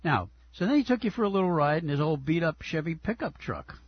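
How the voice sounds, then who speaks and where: A man hosting a radio interview, asking questions in a halting way, stumbling and repeating words. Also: fairly high pitch, sing-song, dry recording, dull audio. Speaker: radio host.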